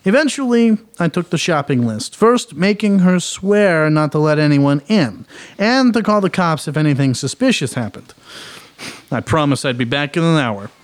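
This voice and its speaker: A man's voice: on the high side, lively intonation, moderate pace, natural voice. An actor playing a wry private eye who narrates his own story in hardboiled style, with dry wisecracks. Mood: narrating.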